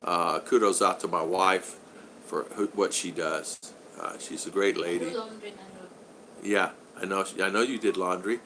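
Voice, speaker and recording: A middle-aged man rambles through a casual live stream from home, greeting viewers by name as their comments come in. His voice is bright and forceful. A faint hiss of noise sits under it. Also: low-pitched, steady tone, a little slow, rough recording. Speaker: vlogger hosting a live stream. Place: home in the Philippines.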